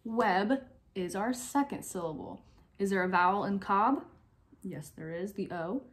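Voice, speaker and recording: Young woman teacher, slow clear phonics steps. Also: mid-range voice. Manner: slow, clear step-by-step instructions with pauses. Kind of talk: online phonics lesson for young children.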